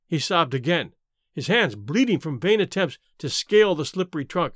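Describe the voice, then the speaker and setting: A man reading an adventure story aloud as narrator, with an expressive, dramatic delivery on a close mic. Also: on the high side, moderate pace, dry recording. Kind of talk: scripted audiobook narration.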